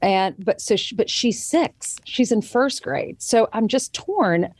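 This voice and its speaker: A woman's voice: fairly high pitch, lively intonation, slow pace, a little mellow, husky, dry recording. A woman in her thirties chatting as a guest and telling a parenting story, quoting others vividly as she goes. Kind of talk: casual chat.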